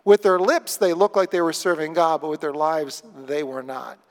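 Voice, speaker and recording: Animated high-voiced male preacher, long hall reverb. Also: moderate pace. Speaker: pastor. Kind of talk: sermon.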